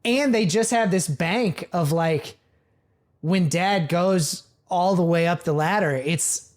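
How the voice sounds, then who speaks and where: A man's voice: high voice, slow pace. A man co-hosting a casual parenting podcast, responding with enthusiasm and casual swearing. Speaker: podcast co-host.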